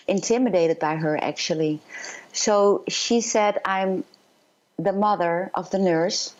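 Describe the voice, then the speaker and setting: Lower-voiced woman on a dull line. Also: darkish tone. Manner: earnest, halting with fillers. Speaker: psychic medium guest. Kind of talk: interview storytelling.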